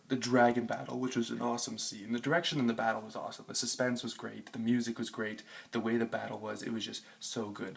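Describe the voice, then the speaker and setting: A man's voice: fairly low pitch, vocal fry, fairly bright tone, slightly rough. A young man giving a frustrated, profane rant reviewing a TV episode, with lots of fillers. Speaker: TV review vlogger. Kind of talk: casual ranting review.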